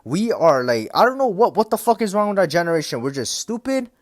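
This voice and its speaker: A young man talks to camera in a loose, profane rant, his voice sitting a bit higher than most men's. He keeps checking in with his listeners as he goes. The sound is dry and close, with no room around it. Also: big pitch swings, a little fast, no room sound. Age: young adult. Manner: profane, repetitive, keeps asking "right?". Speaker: vlogger.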